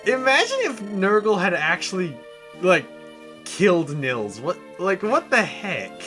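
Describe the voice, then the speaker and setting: A man's voice: high-pitched, a little slow. A man streaming a video game, chatting casually and laughing, with game music underneath. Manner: animated, laughing, chatty reactions. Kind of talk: casual gameplay commentary.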